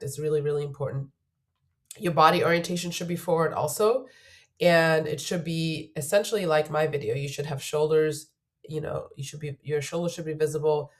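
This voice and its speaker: A woman job search coach getting over a cold, giving earnest, emphatic advice to camera in a video, repeating her key points. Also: low-pitched.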